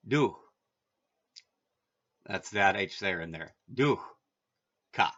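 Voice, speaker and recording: A man's voice: lowish voice, sharp tone, slightly rough. A man teaching a language lesson, reading the text aloud and breaking off for offhand asides. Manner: reads text then adds offhand asides. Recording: dull lo-fi audio.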